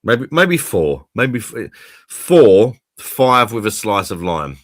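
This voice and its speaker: A man's voice: on the low side, sing-song, slow pace, no room sound, clean studio sound. A man hosting a casual live-stream chat, laid-back and sweary, laughing often. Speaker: host of a drinks review live stream.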